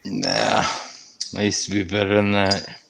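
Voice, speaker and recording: A man's voice: on the low side, flat delivery, measured pace, vocal fry. A man chatting casually with friends, laughing often and protesting teasing. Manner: laughs a lot, protests and denies. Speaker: friend on a hangout stream. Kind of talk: casual chat.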